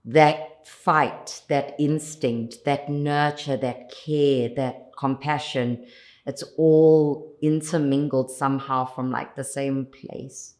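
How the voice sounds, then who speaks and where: A woman's voice: rumbling low, fairly even intonation, takes it slowly, darkish tone. A South African actress in an interview, answering earnestly and reflectively and building her points through lists of repeated phrases. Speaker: lead actress, interview guest.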